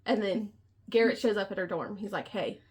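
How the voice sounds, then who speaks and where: A woman's voice: medium pitch, steady tone, a little fast, a crowd in the background. A woman co-hosting a casual book podcast, retelling scenes with quoted lines and frequent laughter.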